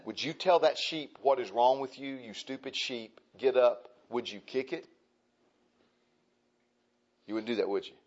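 A Baptist pastor preaching a sermon in a church, repeating phrases and asking the congregation questions. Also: male voice, mid-range voice. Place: church sanctuary. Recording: dull lo-fi church recording.

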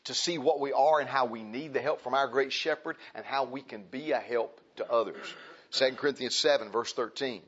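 A Baptist pastor preaching a sermon in a church, repeating phrases and asking the congregation questions. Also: male voice, medium pitch, fairly quick, fairly bright tone, breathy edge. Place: church sanctuary. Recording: dull lo-fi church recording.

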